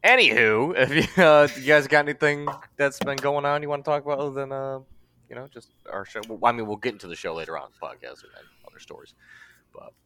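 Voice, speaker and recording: A man's voice: medium pitch, expressive, quick pace, sharp tone, clean tone. A man hosting a casual podcast, rambling and breaking off mid-sentence, laughing at himself. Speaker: podcast host.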